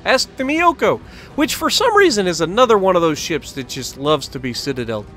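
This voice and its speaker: A man's voice: high voice, fairly quick, soft background music. A man giving casual, joking commentary over his own gameplay and talking to the viewers. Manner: animated, joking, talks to the game and viewers. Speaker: gaming channel host.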